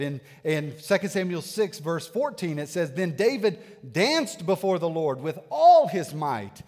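A man in his thirties preaching a sermon as a pastor, animated, swinging between loud bursts and hushed asides. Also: a little high, long reverb tail. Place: church sanctuary.

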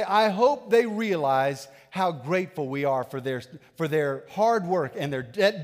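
Animated preacher in a reverberant church. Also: male voice, high-pitched. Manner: animated preaching, swinging from loud to hushed. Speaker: pastor. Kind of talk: sermon. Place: church sanctuary.

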